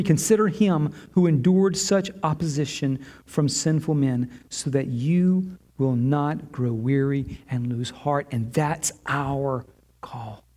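A middle-aged man preaching a sermon, earnest, sinking low and quiet on key lines and rising when he voices prayers. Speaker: pastor.

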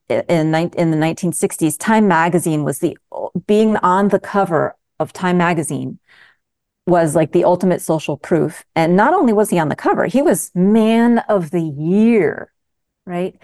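A woman's voice: on the low side, darkish tone, clear, resonant tone. A middle-aged woman physician speaking as a guest in a casual interview, emphatic and passionate, often restarting her sentences.

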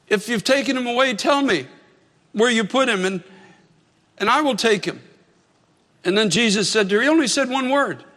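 In a high, bright voice, a male pastor gives an earnest sermon, repeating phrases to build emphasis. A long hall reverb makes it ring like a church.

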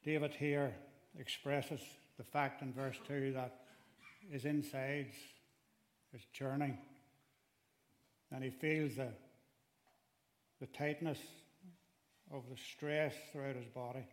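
A man's voice: mid-range voice, little pitch movement, slow pace, pauses often. A man preaching a sermon, earnest and emphatic, speaking directly to his listeners and pressing harder on the pleas he quotes. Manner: direct address to listeners with restarts.

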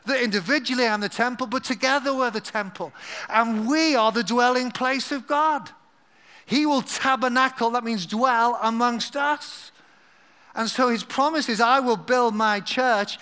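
A man preaching a live sermon in a church, animated and dropping to a hushed, confiding voice at times. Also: extremely high pitch. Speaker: pastor.

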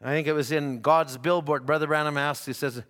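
A man with a high, bright, ringing voice preaches in a church, trading folksy anecdotes for fervent calls to his congregation. A long reverb hangs on every phrase. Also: steady tone, fairly quick. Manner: folksy storytelling, rising to fervent exhortation. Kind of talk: sermon. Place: church sanctuary.

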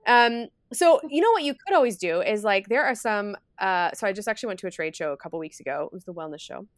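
A young woman co-hosting a casual wedding-advice chat, telling stories in an animated, chatty way with acted-out quotes. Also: mid-range voice, fast, no room sound. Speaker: podcast co-host, wedding planner.

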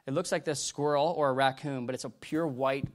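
With a medium pitch and a steady tone, a middle-aged man delivers a sermon testimony. He rambles haltingly and restarts often, alternating loud bursts with hushed retelling.

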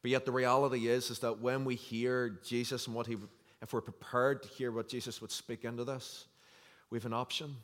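A man's voice: medium pitch, flat delivery, a little fast, fairly bright tone. Man preaching in a reverberant hall. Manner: earnest, conversational preaching with scripture reading. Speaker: pastor. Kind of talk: sermon. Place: church hall.

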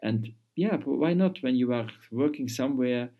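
Man, interview guest, halting and repetitive, warm dark tone. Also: medium pitch, lively intonation. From Luxembourg. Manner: halting, repeats words while searching for phrasing. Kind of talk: conversational interview.

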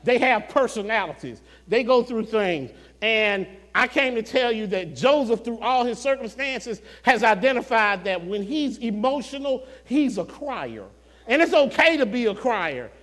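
High-voiced preacher shouting in a reverberant hall. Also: male voice, expressive. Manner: swings from soft, slow murmurs to shouted climaxes; call-and-response preaching, addresses congregation directly. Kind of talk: sermon. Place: church sanctuary.

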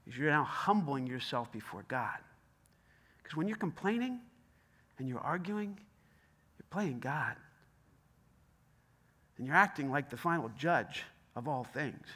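A man's voice: a little high, sing-song, a little slow, long pauses, sharp tone, breathy edge. A man preaching a sermon in an emphatic, conversational way, often repeating himself. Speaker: pastor.

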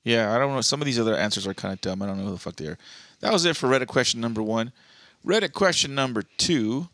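Bright, lively-voiced male podcast co-host. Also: mid-range voice, quick pace, no room sound. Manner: laid-back, swears casually, reads questions aloud. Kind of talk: casual comedic chat.

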